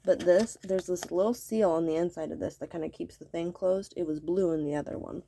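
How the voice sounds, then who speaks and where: A woman's voice: lowish voice, steady tone, brisk, gravelly, dark tone, a little hiss or hum. A woman telling a story to her viewers as an angry rant, swearing constantly and repeating herself. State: irritated. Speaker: vlogger.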